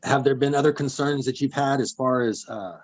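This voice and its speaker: A man examining a witness in court, measured with small fillers. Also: mid-range voice, fairly even intonation, no echo, poor audio. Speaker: attorney questioning witness.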